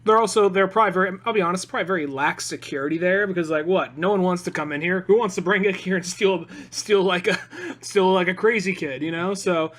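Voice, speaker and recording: A man's voice: high voice, fast, a bit bright. A man co-hosting a podcast, rambling casually about an old movie and acting out its lines with plenty of swearing. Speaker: podcast co-host.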